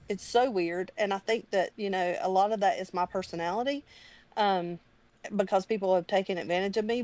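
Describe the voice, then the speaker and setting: A woman's voice: medium pitch, darkish tone. A woman talking in a casual, heartfelt chat on a live stream, earnest and rambling, near tears as she thanks a friend. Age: adult parent.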